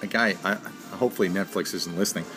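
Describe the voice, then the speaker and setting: A man's voice: low-pitched, fast, over music. A man co-hosting a casual podcast, running through a list of TV news with joking asides. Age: adult with a son. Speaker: podcast co-host. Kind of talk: casual chat.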